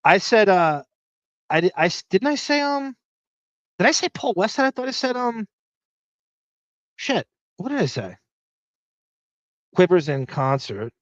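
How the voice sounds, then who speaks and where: Rambling Long Island podcast host. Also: male voice, sits high, very animated, unhurried, pauses often, no echo, muffled recording. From Long Island, New York. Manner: rambling, profane, thinking aloud. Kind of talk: casual live chat reading listener comments.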